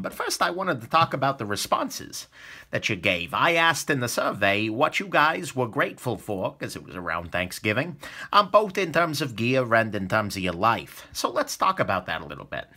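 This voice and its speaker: A man's voice: medium pitch, pushed and bright. A young adult man hosting his own channel, talking casually and enthusiastically to viewers with jokey asides. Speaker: knife reviewer and channel host. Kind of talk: casual video talk to viewers.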